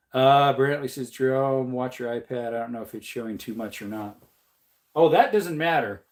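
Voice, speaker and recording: A man hosting a livestream, casually reading out and answering viewer comments with frequent laughs and jokes. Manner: laughs often, jokey, repeats "man" and "allegedly"; puts on a higher voice when quoting people. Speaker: livestream host.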